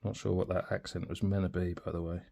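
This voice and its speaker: Deep gravelly man reviewing pens. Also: flat delivery, fast, mellow. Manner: chatty, informal, thinking aloud. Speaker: pen reviewer. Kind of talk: casual product review.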